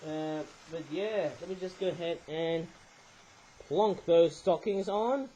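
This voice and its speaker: A man with a high-pitched voice chats casually through a toy review, rambling from one thought to the next. He keeps pausing to hunt for words and ends many phrases with a quick "eh?". A faint hiss sits under the recording. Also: dark tone, rough recording. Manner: often gropes for words aloud.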